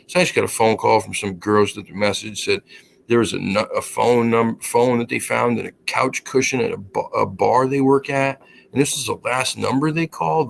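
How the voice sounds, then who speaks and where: A man co-hosting a casual chat, telling an animated, profane story and acting out the quotes. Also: fairly low pitch, moderate pace, vocal fry, a little hiss or hum. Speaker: co-host.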